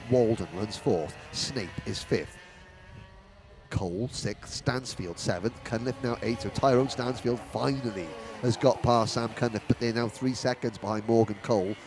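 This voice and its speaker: A man giving live race commentary on a karting event, rattling off positions and names and building excitement toward the finish. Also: lowish voice.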